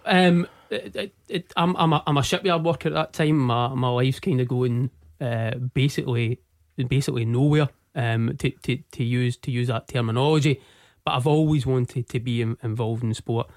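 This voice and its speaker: A Scottish man in his forties, a guest telling a personal story in an earnest, halting way, often repeating his words. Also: medium pitch, no echo, studio quality. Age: 40s. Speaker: interview guest.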